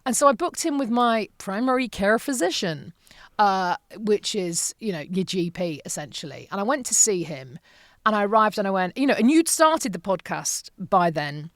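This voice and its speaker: A woman's voice: mid-range voice, moderate pace, no room sound, studio quality. A British woman around fifty, a broadcaster guesting on a podcast, telling stories animatedly and acting out the voices she quotes. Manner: animated storyteller who acts out quoted voices. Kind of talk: casual interview chat.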